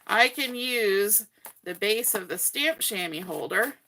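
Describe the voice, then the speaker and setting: Bright-voiced woman teaching a craft. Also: medium pitch, expressive, slow pace. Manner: chatty, cheerful, talks while working. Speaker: craft instructor. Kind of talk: live online craft demonstration.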